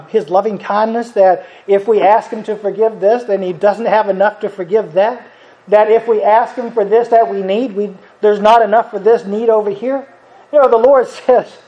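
A middle-aged man preaching a sermon in a folksy, conversational way, chuckling as he talks. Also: high-pitched. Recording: dull lo-fi recording.

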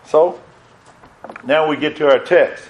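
A man's voice: fairly high pitch, slow, highs cut off. A middle-aged man preaching a sermon as pastor, earnest, repeating phrases and quoting scripture in old wording.

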